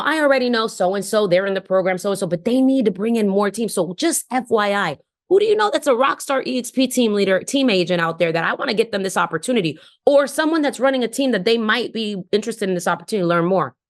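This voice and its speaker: A woman on a video call telling energetic recruiting stories and acting out her phone calls with colleagues. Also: medium pitch. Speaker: team leader sharing recruiting tips.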